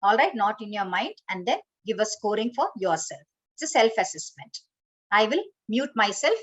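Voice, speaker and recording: A woman's voice: medium pitch, sing-song, moderate pace, poor audio. A woman teaching an online training session, instructive, often saying "okay" and "you know". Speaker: corporate trainer.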